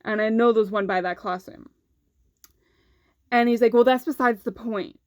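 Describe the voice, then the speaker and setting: A woman's voice: fairly high pitch, steady tone, normal speed, no echo, clean studio sound. A young woman vlogger telling a personal story in a candid, casual way, swearing freely and saying "like" often.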